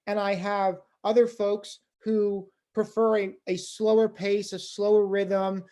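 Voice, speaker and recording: A fundraising instructor giving a conversational lecture, with many casual fillers, who gets louder and quicker when excited. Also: mid-range voice.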